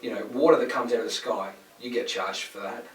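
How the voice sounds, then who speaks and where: A young man in casual podcast chat, rambling fast with opinions and swearing. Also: lowish voice. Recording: echoey room, mic at a distance, faint noise.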